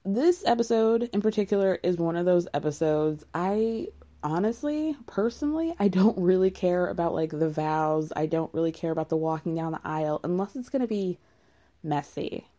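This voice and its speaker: A woman's voice: fairly low pitch, expressive, normal speed, warm tone. A woman casually recapping a reality show, candid and rambling, with frequent laughs.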